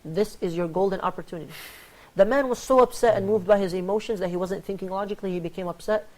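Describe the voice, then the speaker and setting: This high-voiced host of a religious panel speaks quickly to the guests around him. An animated storyteller, he performs quoted dialogue, giving every character its own voice.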